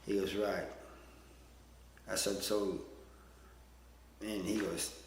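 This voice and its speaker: A man's voice: on the low side, fairly even intonation, measured pace, long pauses, roomy sound, in a large hall, slight background noise. A man telling stories in a casual, rambling way, plain-spoken and self-deprecating, with lots of "you know" fillers. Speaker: storyteller. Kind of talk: casual storytelling.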